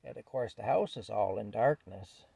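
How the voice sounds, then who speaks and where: A man's voice: fairly low pitch, lively intonation, moderate pace, gravelly, warm tone, slight background noise. A man casually telling a rambling story at home, with chuckles and fillers. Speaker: vlogger telling stories.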